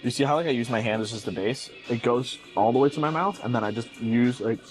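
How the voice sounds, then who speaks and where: A man's voice: medium pitch, quick pace, faint music behind, rough recording. A man sitting at a restaurant table, chatting casually and showing others how to eat. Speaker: guest diner. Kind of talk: casual chat at a meal.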